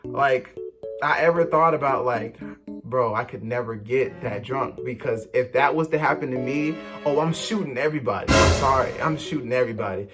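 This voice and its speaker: A young man vlogger casually telling a storytime story, animated and slangy, acting out what people said. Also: medium pitch, normal speed, over music. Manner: animated, slangy, acts out quotes.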